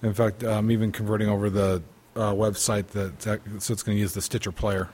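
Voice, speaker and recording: A man's voice: fairly low pitch, flat delivery, brisk, a little mellow. A man co-hosting a podcast in casual chat, speaking in a dry, matter-of-fact way. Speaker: podcast co-host.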